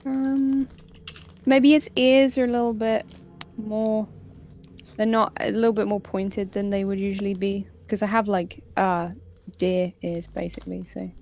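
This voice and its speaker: A woman's voice: mid-range voice, slight background noise. A young woman playing in a tabletop game, chatting playfully and animatedly. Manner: playful, animated, quick to laugh. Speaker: player. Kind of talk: casual tabletop game chat.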